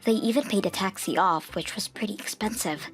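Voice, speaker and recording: A woman narrating a manga dub, telling the story earnestly and turning hushed at tense moments. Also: medium pitch, brisk, faint music behind.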